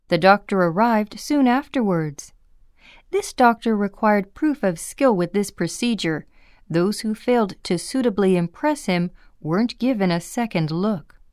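Smooth-voiced woman reading a memoir. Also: mid-range voice, a little mellow, dry recording, studio quality. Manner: measured, plain storytelling. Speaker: audiobook reader.

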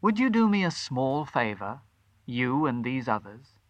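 A man reading aloud voices a gentle, grieving young housewife in a told story. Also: mid-range voice, big pitch swings, measured pace, no echo, muffled recording. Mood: pleading. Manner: gentle, pleading.

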